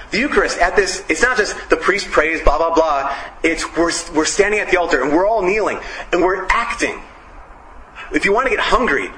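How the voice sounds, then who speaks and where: A man giving a casual sermon, telling stories and hammering points with short repeated phrases. His voice is bright and forceful, a touch high. The church around him adds a roomy echo. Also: a little hiss or hum. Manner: animated, storytelling, emphatic repetition. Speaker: preacher.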